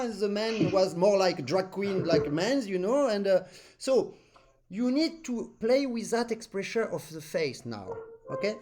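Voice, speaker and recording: A native French speaker coaches an accordion student in a masterclass, talking in animated, non-native English and humming musical phrases. His voice sits high and his pace is a little slow.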